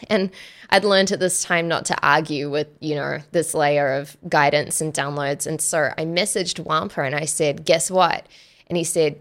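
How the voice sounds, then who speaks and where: A woman guest telling a personal story in casual chat, animated, acting out quoted dialogue and laughing often. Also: fairly low pitch, normal speed. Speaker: podcast guest.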